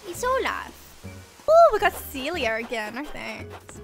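A young woman streams a game, chatting casually and gasping and squealing whenever something new is revealed. Her high-pitched voice swings widely in pitch and moves a little slowly, with game music playing in the background.

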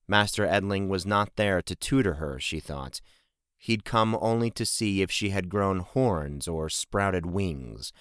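Guy reading a fantasy audiobook, lowish voice, steady, dead dry sound. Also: clear, resonant tone, no room sound. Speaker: audiobook narrator. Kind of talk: scripted narration.

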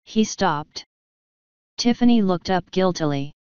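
A woman narrating an audiobook in a measured, precise way, close to the mic. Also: fairly low pitch, expressive, a little mellow, clean tone, no room sound, dull audio. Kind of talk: scripted narration.

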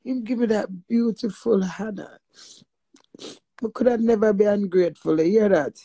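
A woman with a Jamaican accent speaks her testimony in a gravelly, husky voice. She preaches with emphasis, mixes patois with blunt swearing and keeps asking her listeners whether they hear her. The sound is dry and close. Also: mid-range voice, moderate pace, dark tone, no room sound. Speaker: vlogger sharing personal testimony. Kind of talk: emotional spoken testimony.

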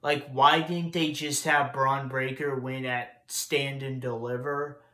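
A man's voice: medium pitch, little pitch movement, slow pace, bright, forceful tone. A young man giving a casual, profane, frustrated rant while recapping wrestling news. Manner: frustrated, profane, repetitive ranting. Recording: echoey room.

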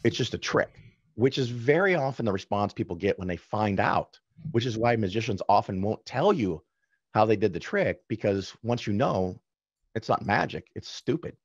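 Chatty man telling stories, low voice. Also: expressive, husky, no room sound, muffled recording. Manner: chatty, anecdotal, quick asides and self-corrections. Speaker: podcast guest. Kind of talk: casual storytelling in conversation.

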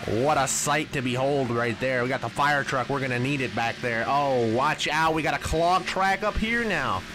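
A man commentating his own racing game play in a casual, excitable way, with sudden loud yelps at crashes. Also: medium pitch, normal speed. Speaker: gaming channel host. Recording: noisy game audio underneath.

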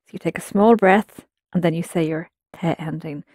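A woman's voice: fairly low pitch, normal speed, a little mellow, no echo, clean studio sound. A woman teaching a language lesson, explaining patiently and prompting her students to answer.

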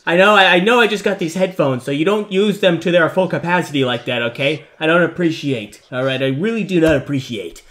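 A man's voice: high-pitched, fairly quick, hardly any pauses, a bit bright. A young man giving rambling, jokey commentary on a horror game, breaking into nervous outbursts. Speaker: gaming YouTuber.

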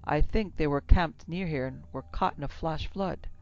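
A woman's voice: moderate pace, natural voice. Woman doing a cold, menacing outlaw man. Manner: low, quiet and menacing. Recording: dull lo-fi with faint music.

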